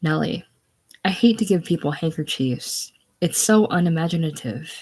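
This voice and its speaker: Woman doing an eager gushy young girl, chatty and bright, play reading. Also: low voice, expressive, moderate pace, breathy edge. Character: eager gushing young girl, a former pupil.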